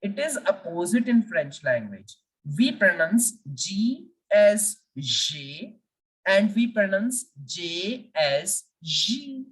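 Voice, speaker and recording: Slow, deliberate woman teaching French. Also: mid-range voice, sing-song, recorded from a distance, rough recording. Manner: slow, deliberate, repeating letters for learners. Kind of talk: language lesson.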